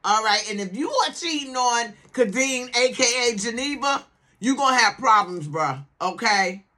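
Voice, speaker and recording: A woman with a slightly high, pushed and bright voice talks at normal speed, animatedly reviewing a TV series in a casual way. Sassy and emphatic, she repeats words for effect and keeps seeking agreement with "okay?"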